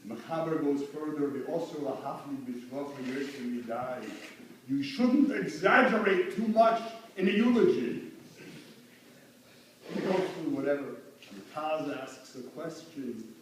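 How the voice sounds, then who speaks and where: Eulogist, male, fairly high voice, earnest and fervent, recorded far off in a very echoey hall with faint hum. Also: lively intonation, a little slow. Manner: earnest, mixes Yiddish and Hebrew phrases, rises to fervent emphasis. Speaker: eulogist at a funeral. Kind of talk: funeral eulogy. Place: funeral hall.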